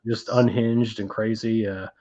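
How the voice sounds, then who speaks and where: A man's voice: fairly low pitch, steady tone, measured pace, dark tone. A man hosting a casual film chat. He rambles with lots of fillers and laughs as he goes. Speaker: film club podcast host. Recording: dull lo-fi sound.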